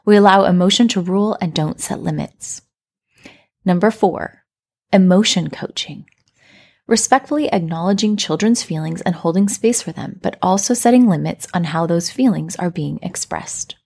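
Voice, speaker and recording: A woman hosting a parenting podcast, telling a story and explaining in a calm, reflective scripted way. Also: lowish voice, moderate pace, creaky, slightly rough. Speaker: podcast host.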